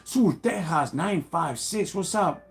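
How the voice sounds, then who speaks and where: A man's voice: sits high, expressive, slow. A middle-aged man with a Chicano English accent talks on a casual livestream, greeting viewers in laid-back street slang. He calls everyone "homie" and "dog" and drops Spanish words into his English. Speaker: livestream host. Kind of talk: casual livestream shout-outs and talk.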